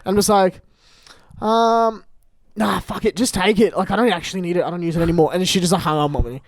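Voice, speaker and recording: High-voiced guy telling stories. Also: steady tone, quick pace, no echo. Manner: swearing, laughing, rambling storyteller. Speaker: podcast co-host. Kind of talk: casual chat.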